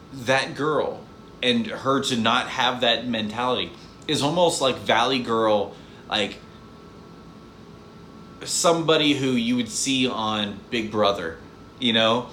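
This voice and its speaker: A man's voice: mid-range voice, a bit bright. A man ranting casually in a movie review vlog, exasperated and rambling, often repeating his words. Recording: echoey room, faint background hiss.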